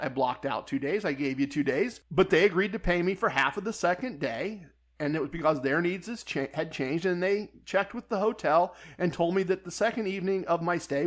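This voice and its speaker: A man with a high-pitched voice tells a story on his podcast. His delivery is wry and conversational, like he's chatting with a friend. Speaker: podcast host. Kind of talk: first-person storytelling.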